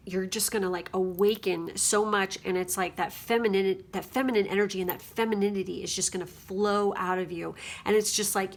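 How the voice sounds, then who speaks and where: A woman talks through a pick-a-card tarot reading in a loose, rambling way. She keeps checking in with her listeners as she goes, at an everyday mid pitch. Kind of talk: casual spiritual card reading.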